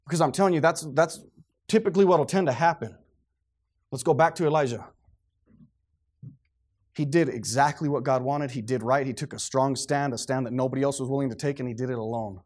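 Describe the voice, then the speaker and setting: Preaching dramatically, a man acts out scenes and alternates between quiet, low lines and shouted outbursts. The pace is brisk, broken by long pauses.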